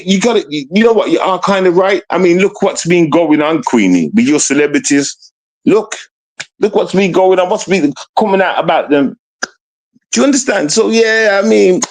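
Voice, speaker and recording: A British man ranting on a livestream, mocking and confrontational, jumping from raised outbursts to low mutters. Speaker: streamer.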